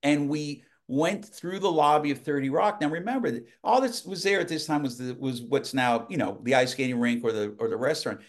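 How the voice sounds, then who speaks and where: A man guest on a podcast, telling lively anecdotes in casual conversation, often restarting his sentences. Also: medium pitch, quick pace, hardly any pauses. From United States. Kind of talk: casual storytelling.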